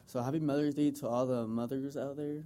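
A man's voice: mid-range voice, fairly even intonation, a little fast, mellow. A young man from the United States giving an earnest, rambling tribute to his mother in front of a group, with lots of fillers. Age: young adult. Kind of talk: informal public speech.

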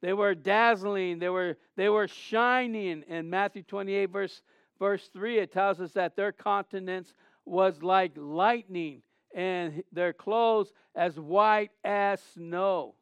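Man preaching, high voice, smooth and clear, dry close sound, conversational, animated storytelling. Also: slow pace, dry recording, lo-fi sound. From Southern California. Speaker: pastor. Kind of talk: sermon.

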